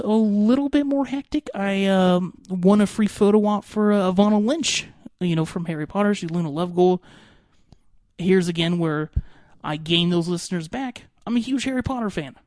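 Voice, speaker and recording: A young man hosting a podcast, giving an excitable, rambling recap full of fillers. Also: high-pitched, no room sound, clean studio sound. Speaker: podcast host.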